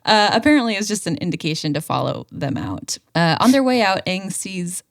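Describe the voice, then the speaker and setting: A woman's voice: mid-range voice, sing-song, fairly quick, gravelly, dry recording. Laughing woman podcast co-host, dry sound. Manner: playful, laughs often, joking. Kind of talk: casual recap chat.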